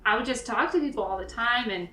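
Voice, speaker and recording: A woman co-hosting a podcast in casual, animated chat full of fillers, her voice a bit raspy. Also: a little high, fast, roomy sound. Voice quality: raspy lately. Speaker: podcast co-host.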